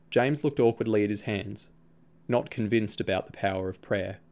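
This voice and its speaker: A man narrating a novel aloud at a steady storytelling pace, voicing its characters himself. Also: fairly low pitch, moderate pace. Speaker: audiobook reader.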